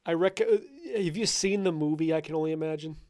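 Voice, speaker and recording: Man, podcast host, fairly high voice, casual, chatty, laughs easily. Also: darkish tone. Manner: conversational, quick to laugh and chime in. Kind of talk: casual interview chat.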